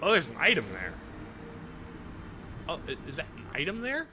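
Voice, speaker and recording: A man's voice: fairly high pitch, wildly swooping pitch, normal speed. A young man streaming a video game, chatting casually and reacting aloud as he plays, with faint game music behind him. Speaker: gaming streamer. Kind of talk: casual gameplay commentary.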